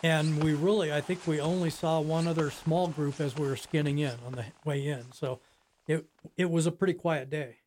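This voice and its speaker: A man in his sixties tells the story of his own backcountry ski emergency in an interview, unhurried and plain, pausing often. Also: fairly high pitch, fairly even intonation, a little mellow, slight background noise. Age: 60s. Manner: plain, unhurried storytelling with many pauses and "you know". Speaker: skier telling his rescue story. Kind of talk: recounting a personal story in an interview.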